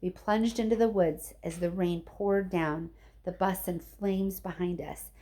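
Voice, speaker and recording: A woman teacher reading a chapter of a novel aloud to her students, expressive and chatty with her listeners. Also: lowish voice, measured pace.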